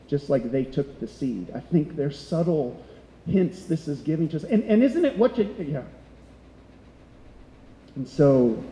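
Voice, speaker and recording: A man's voice: a little high, warm tone. A middle-aged man preaching a sermon as pastor, conversational and full of rhetorical questions. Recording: echoey hall.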